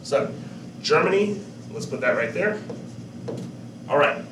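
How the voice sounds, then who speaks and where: A man teacher giving a relaxed classroom lesson, talking to his students, asking them questions and joking along the way. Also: on the high side, takes it slowly, noisy background. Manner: chatty, asks students questions, jokes. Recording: echoey room, distant mic, faint background.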